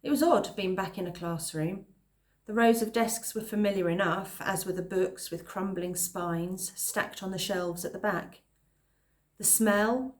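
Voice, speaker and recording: A woman reading a children's novel aloud at a calm pace, pausing now and then to explain a phrase. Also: mid-range voice. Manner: calm, pauses to explain words. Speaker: reader.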